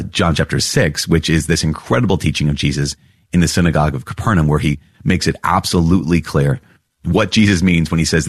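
A man hosting a podcast, reading and reflecting on catechism paragraphs with earnest, animated storytelling. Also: deep voice, no room sound, clean studio sound. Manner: earnest, animated storytelling with laughs and repeated phrases. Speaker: priest podcast host.

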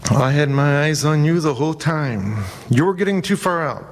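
A man voicing a kindly army sergeant who speaks gently and steadily. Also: on the high side, normal speed, big-room sound, close to an everyday voice. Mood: kind, puzzled.

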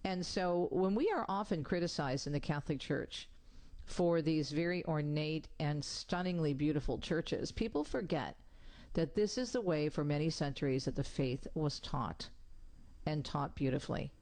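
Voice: medium pitch, animated, normal speed. An author and pilgrimage tour host telling travel stories in a chatty, enthusiastic radio talk segment. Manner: enthusiastic, descriptive, warmly chatty.

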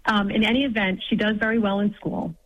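A woman's voice: mid-range voice, fairly even intonation, fairly quick. A woman calling in to a radio advice show, speaking hesitantly with many ums and light laughs. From New York. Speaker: caller. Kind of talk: phone-in conversation. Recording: dull phone line.

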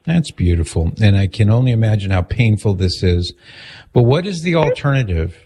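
A man hosting a radio call-in show, asking calm, measured questions and summing up what he hears. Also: lowish voice, a little hiss or hum. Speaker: radio host.

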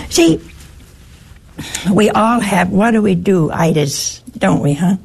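A woman's voice: mid-range voice, lively intonation, slow pace, long pauses, a little mellow. An American woman, a religious sister, giving a chatty, teasing talk full of anecdotes to a live audience. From United States. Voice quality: gravelly and husky.

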